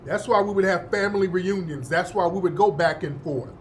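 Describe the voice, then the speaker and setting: A man's voice: high voice, a little fast, slight background noise. A man hosting a show, giving heated, indignant commentary, cursing and repeating phrases for emphasis. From United States, born in the North, raised in the South. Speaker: host.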